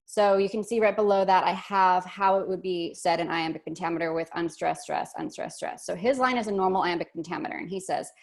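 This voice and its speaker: A woman's voice: lowish voice, brisk, few pauses. Woman, teacher, online workshop, chatty, fillers and restarts, video call mic.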